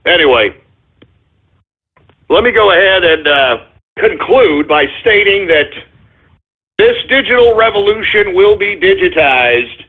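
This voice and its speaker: Here the internet radio host's high, husky voice is expressive but a little slow, with frequent pauses. He rants at his audience in a call-in monologue, exasperated, scolding and swearing often. It sounds tinny, as if over a phone line.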